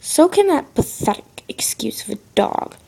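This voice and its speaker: A woman voicing a sly, flirty male talking cat with a French accent, speaking softly and teasingly. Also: sits high, very animated, moderate pace, vocal fry, in a whisper, voice pushed up, heavily acted. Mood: smug purring. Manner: purring, soft and teasing.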